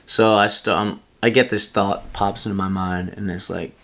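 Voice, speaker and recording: A man's voice: lowish voice, steady tone, moderate pace, fairly bright tone. A young man from Pennsylvania telling a rambling personal story to camera, laughing at himself along the way. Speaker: vlogger. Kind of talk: casual storytelling.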